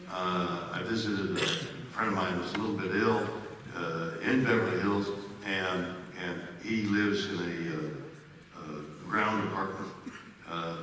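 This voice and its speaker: An older man telling an animated anecdote on stage, his voice climbing high when excited. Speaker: guest speaker. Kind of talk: storytelling on stage. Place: large cinema hall with audience. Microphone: stage microphone, recorded from the audience. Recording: roomy hall from far off, faint noise.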